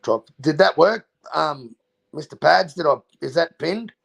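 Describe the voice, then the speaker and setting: Australian male streamer, gravelly voice, loose and sweary casual host. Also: on the high side, lively intonation, measured pace, a bit bright. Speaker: livestream host. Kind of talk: casual livestream chat.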